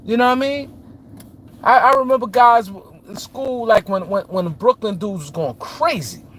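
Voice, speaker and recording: A New York City host runs a casual sports talk stream where he says hello to viewers by name and goes over his points again. His high voice has lively intonation and a fairly bright tone at a moderate pace, with slight hiss or hum.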